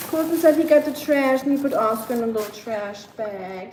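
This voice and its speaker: A woman's voice: a little high, animated, brisk. A woman chatting casually on a live stream while she cooks at home, talking to her dog and reading out comments from viewers. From learned British English. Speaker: livestream host. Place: home kitchen. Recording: clear kitchen background noise. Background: kitchen clatter of dishes and pots.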